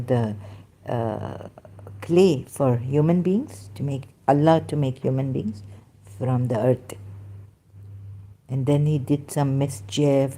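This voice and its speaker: A woman giving halting, emotional religious commentary, searching aloud for verses and near tears at times. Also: rumbling low, mellow. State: close to tears.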